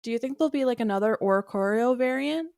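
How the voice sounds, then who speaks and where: A woman's voice: fairly high pitch, quick pace, vocal fry, darkish tone, no echo, studio quality. A woman co-hosting a podcast, casually asking curious questions and giggling. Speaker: podcast co-host.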